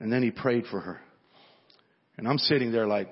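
A man's voice: medium pitch, moderate pace, long pauses, slightly rough. A male pastor telling a story in his sermon, in a conversational way that often repeats words at the start of sentences. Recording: dull sound with long hall reverb.

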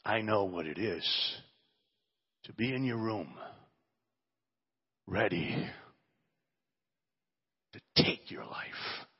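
Slow husky male pastor preaching. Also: on the low side, muffled recording. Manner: slow, emotional, rising to fervent prayer. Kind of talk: sermon and prayer.

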